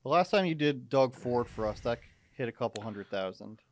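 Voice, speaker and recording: A young man hosting a podcast, teasing his guest in a deadpan way and laughing quickly. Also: mid-range voice. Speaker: podcast host. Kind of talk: casual podcast chat.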